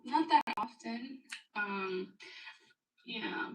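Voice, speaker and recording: Brief: woman, a bit high-pitched, hesitant casual talk, echoey room, set back from the mic. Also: animated, drawn-out words, fairly bright tone, recorded from a distance. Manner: hesitant, unsure. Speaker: livestream guest. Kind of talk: casual chat. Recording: roomy, from off-mic.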